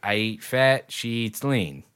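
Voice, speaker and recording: A man's voice: on the low side, very animated, unhurried, fairly bright tone, clear, resonant tone. A man in a casual chat, telling a long story in a rambling way, with frequent swearing and laughter.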